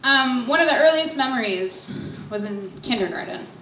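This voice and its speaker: Young woman, bright voice, nervous, self-mocking stage storyteller, echoey hall, picked up from a distance. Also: a little high, expressive, moderate pace, slight background noise. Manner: nervous, self-deprecating, laughs through her lines. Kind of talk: personal storytelling.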